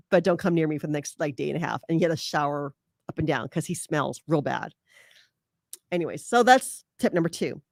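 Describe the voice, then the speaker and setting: A woman's voice: lowish voice, no echo, studio quality. A woman hosting a casual advice podcast, chatty, laughing often and using many fillers. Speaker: podcast host.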